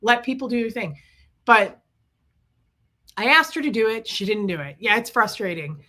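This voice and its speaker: Bright-voiced chatty woman livestreaming. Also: on the high side, normal speed. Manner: chatty, vents frustration, answers viewers by name. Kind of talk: casual storytelling livestream.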